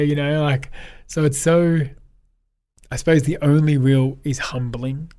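A man's voice: on the high side, flat delivery, moderate pace, dark tone. A young Australian man telling upbeat stories in a casual interview and acting out what people said to him. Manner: upbeat storyteller, acts out quoted dialogue, laughs often. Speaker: guest.

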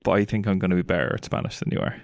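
A man's voice: low-pitched, little pitch movement, racing, dry recording, clean studio sound. A young Irish man co-hosting a casual chat, teasing and easygoing with casual swearing. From Ireland. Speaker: podcast co-host.

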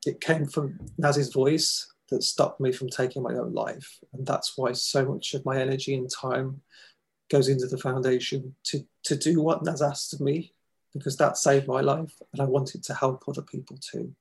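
A man telling a personal story in an interview, earnest and halting, with emotional pauses. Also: medium pitch, little pitch movement, creaky, breathy edge, rough recording. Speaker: guest, foundation founder.

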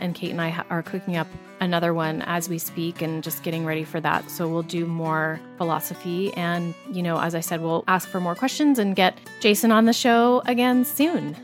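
A woman hosting a podcast, chatting casually and reading out listener questions in a friendly way. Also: on the low side. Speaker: podcast host.

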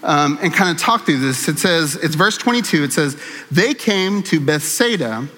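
A man's voice: on the high side, lively intonation, moderate pace, a bit bright, in a large hall. A man preaching a conversational sermon, earnest and candid, with self-deprecating humor, in a church sanctuary. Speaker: pastor.

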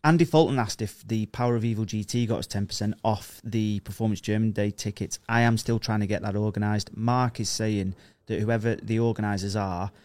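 A man's voice: fairly low pitch, steady tone, a little fast, hardly any pauses, darkish tone, dry recording. A man co-hosting a podcast, reading out listener comments in a joking, casual way. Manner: joking, laughs often, swears casually. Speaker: podcast co-host.

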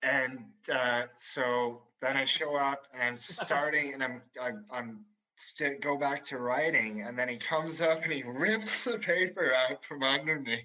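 A man's voice: mid-range voice, a little slow, few pauses, bright, forceful tone, poor audio. A man co-hosting a casual chat, telling a rambling story full of swearing and laughter. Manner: rambling, swears a lot, laughs through stories. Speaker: storyteller co-host.

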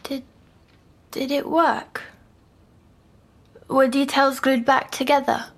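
An actress playing a haunted young woman patient in an audio drama, recounting a nightmare in a hushed, halting, often whispered voice. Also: high-pitched, flat delivery, gravelly, heavily acted. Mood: anxious. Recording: noisy background hum.

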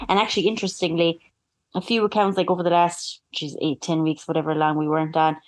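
A woman's voice: deep voice, level tone, fast. A woman co-hosting a podcast, chatting casually with many "like"s. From Ireland. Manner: chatty, laughs easily, lots of "like". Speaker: podcast co-host. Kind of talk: casual chat.

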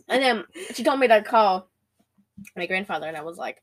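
A young woman chatting casually, recapping a movie in quick, giggly bursts with lots of laughter. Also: medium pitch. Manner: giggly, rapid-fire, animated storytelling.

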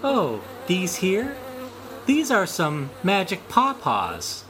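A man voicing a crafty male raccoon trickster in a folk tale, with a coaxing, playful manner and a raised, lively voice. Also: sits high, slow pace, background noise, voice pushed up, exaggerated voice.

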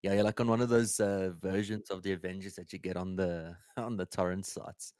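A man's voice: low-pitched, level tone, fairly quick, darkish tone, no echo, clean studio sound. A man co-hosting a podcast, teasing and laughing easily in casual chat. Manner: laid-back, teasing, laughs often. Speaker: podcast co-host.

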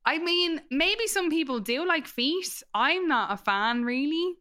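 Podcast co-host, young woman, bright clear tone, chatty, swears freely. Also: sits high, animated, a little slow. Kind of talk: casual chat.

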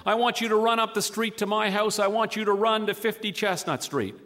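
A man putting on a patient, exasperated middle-aged wife who keeps her calm with firm, measured words. The voice sits high for a man.

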